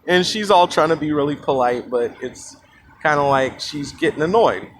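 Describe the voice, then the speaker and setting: A man's voice: a little high, lively intonation, moderate pace. Rambling man telling a story. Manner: rambling, full of fillers and asides. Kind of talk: casual storytelling. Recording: noisy background.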